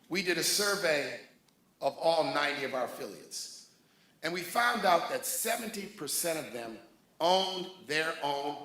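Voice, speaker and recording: A man's voice: on the high side, sharp tone. Rousing man speaking to a crowd. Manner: jovial, rousing, names dignitaries. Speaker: speaker at a ribbon cutting. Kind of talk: public speech to a crowd. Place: large room with a crowd. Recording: echoey hall, crowd noise.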